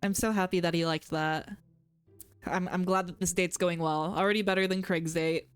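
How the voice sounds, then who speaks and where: A woman's voice: fairly low pitch, steady tone, moderate pace, clear, resonant tone, soft background music. A woman streamer chatting casually and rambling while playing a dating game. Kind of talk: casual game commentary and reading dialogue.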